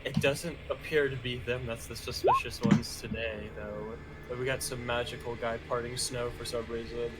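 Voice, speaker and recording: A man's voice: mid-range voice, steady tone, moderate pace, hardly any pauses, heavy background noise, lightly acted. A man voicing a dry, matter-of-fact adventurer in a tabletop game. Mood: wry.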